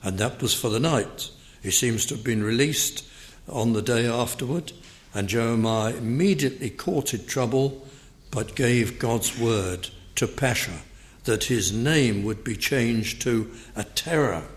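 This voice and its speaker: A man's voice: medium pitch, unhurried. A man teaching through a Bible passage verse by verse, explaining words and reading scripture aloud with emphasis.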